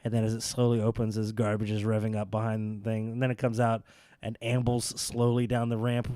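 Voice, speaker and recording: A man co-hosting a casual wrestling podcast, sarcastic and quick to act out mock quotes in silly voices. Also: fairly low pitch, completely flat delivery, warm tone, dry recording, studio quality. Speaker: podcast co-host.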